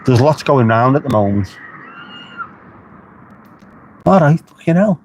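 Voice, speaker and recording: A medium-pitched, slightly mellow man's voice comes across animated and a little fast. He's live-streaming outdoors by the beach, casually answering comments and swearing freely, with faint street noise and passing cars in the background.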